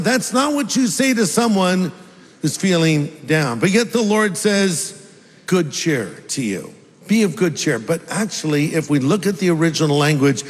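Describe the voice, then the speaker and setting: A man's voice: sits high, in a large hall. A man preaching a sermon as a pastor, conversational and humorous, acting out bits of dialogue.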